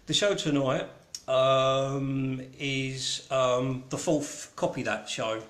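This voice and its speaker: A man's voice: mid-range voice, fairly even intonation, slow pace, a bit bright, reverberant. A man with a Cockney accent hosting an online gallery show in casual, rambling, irreverent chat full of ums. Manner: rambling and irreverent, with many ums and mild swearing. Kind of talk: casual live-stream chat.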